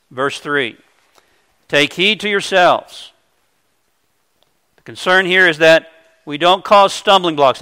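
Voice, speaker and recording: A man's voice: on the high side, pushed and bright, smooth. A man preaching a sermon, earnest and explanatory, walking through a scripture passage with homely illustrations. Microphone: microphone.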